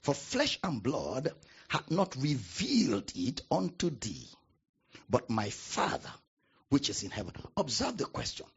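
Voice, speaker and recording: A man preaching a sermon as pastor, with dramatic pauses and emphatic repetition. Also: medium pitch, huge pitch swings, slightly rough, muffled recording.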